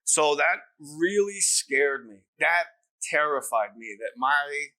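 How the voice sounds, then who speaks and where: A man in his fifties from New Jersey, a comedian guest telling stories in a casual interview, animated and profane. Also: fairly high pitch, slow pace, rough recording. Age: 50s. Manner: animated, profane, lots of laughter.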